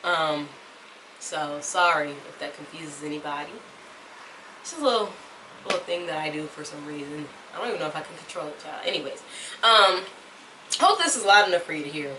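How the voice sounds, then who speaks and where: A woman's voice: low-pitched, lively intonation, fairly quick. A young woman with a put-on Southern US drawl, chatting to camera in a rambling, talkative way, recorded at home. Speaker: vlogger. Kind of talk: casual chat to camera. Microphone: camera mic at a distance. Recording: distant camera mic, faint room noise.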